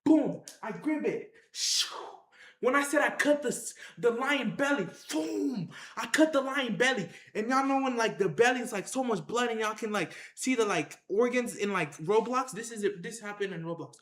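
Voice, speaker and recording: An excitable storyteller talks straight to the audience, piling on slang and punchy sound effects. The voice sits in a mid pitch and rings around a roomy, echoey space. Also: a little fast, hardly any pauses. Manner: animated, punctuated with sound effects like "boom"; slangy, addresses the audience directly. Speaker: vlogger telling a story to viewers.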